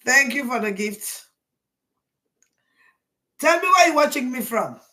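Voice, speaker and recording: A woman, hosting a casual live stream and greeting viewers one by one in a rambling way, with sudden loud bursts. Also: high voice, lively intonation, unhurried.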